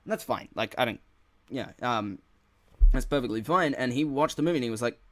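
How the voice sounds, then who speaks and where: A man's voice: medium pitch, lively intonation, brisk, fairly bright tone, dry recording. Rambling, frustrated man in a dry recording. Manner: rambling, frustrated, heavy swearing and filler words. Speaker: gaming channel host. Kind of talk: casual solo podcast rant.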